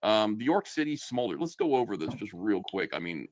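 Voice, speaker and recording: A man's voice: lowish voice, big pitch swings, brisk, crowd noise. A man in a played commentary clip, delivering scornful, insulting and emphatic criticism. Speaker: online commentator.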